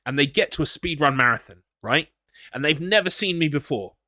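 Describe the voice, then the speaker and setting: A man's voice: a little high, lively intonation, brisk, bright, forceful tone, no room sound, clean studio sound. An English man streaming a horror game, chatting casually and rambling, teasing himself as he reads his chat. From England. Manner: rambling, self-mocking, talks to himself.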